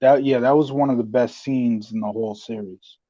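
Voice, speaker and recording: Man, podcast co-host, mellow tone, laid-back, hesitant fillers, muffled dry recording. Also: mid-range voice, fairly even intonation, normal speed. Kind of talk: casual chat. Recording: dull dry lo-fi mic.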